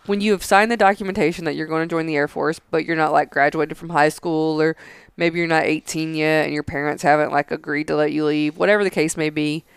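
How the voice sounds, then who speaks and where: Podcast co-host, man in his thirties, loose profane chat, crisp dry voice. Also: fairly high pitch, steady tone, fast, no room sound. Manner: loose and profane, lots of "like" fillers. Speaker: podcast co-host, Air Force veteran. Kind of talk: casual chat.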